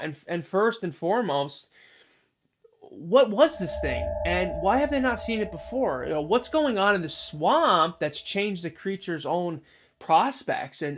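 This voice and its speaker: A man's voice: on the high side, a little hiss or hum. A man narrating an improvised spoken story in a rambling way, full of "you know" asides.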